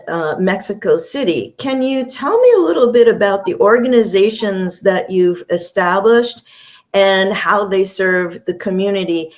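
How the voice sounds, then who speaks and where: A woman hosting a talk show, smoothly reading a formal guest introduction and leading the interview. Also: medium pitch. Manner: polished, reads introductions smoothly.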